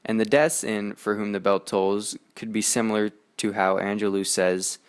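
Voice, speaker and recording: A teenage boy reading his school poetry analysis aloud in a steady, earnest way, with small slips. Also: on the low side, moderate pace, clean tone. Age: teens. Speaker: student presenter.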